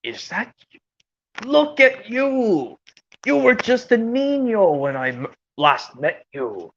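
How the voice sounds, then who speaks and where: A woman's voice: a little high, sing-song, a bit bright, voice pushed up, exaggerated voice. Woman doing Quetzal, a wise old dragon. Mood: fond. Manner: slow, reminiscing, halting. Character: old kindly male dragon, gentle teacher. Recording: dull lo-fi audio.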